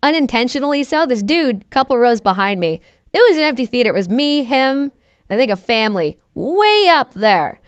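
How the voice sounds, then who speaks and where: A woman's voice: fairly high pitch, no room sound. A woman giving a casual, sarcastic, profane movie review to camera, wandering off on tangents.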